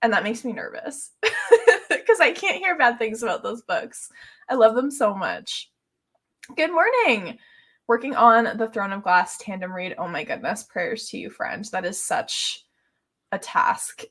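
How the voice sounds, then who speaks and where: A woman's voice: on the high side, fairly bright tone. A young woman hosting a live reading stream, chatting casually in a bubbly, gushing way and reading viewer comments aloud. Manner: bubbly and gushing, many "like"s and "oh my gosh"s, laughs often. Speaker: booktube live stream host.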